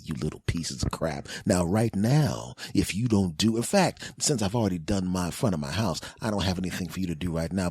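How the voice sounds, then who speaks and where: Profane, husky-voiced man in his forties ranting. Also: low-pitched, darkish tone, dry recording. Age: 40s. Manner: profane, mocking, blustering. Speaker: podcast host. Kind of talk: comedic rant.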